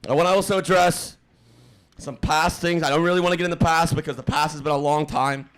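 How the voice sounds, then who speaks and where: A man hosting a livestream, giving a halting mock apology with many fillers and restarts in a deadpan, fake-emotional tone. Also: fairly high pitch. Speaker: streamer host.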